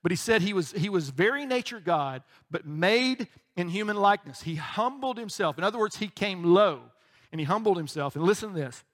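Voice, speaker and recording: A man with a fairly high voice delivers a sermon in a loose, conversational way. He jokes with the congregation and slips into quick acted-out voices. He keeps checking in with a casual "right?". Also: animated. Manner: conversational, joking, acts out voices, frequent "right?". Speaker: pastor.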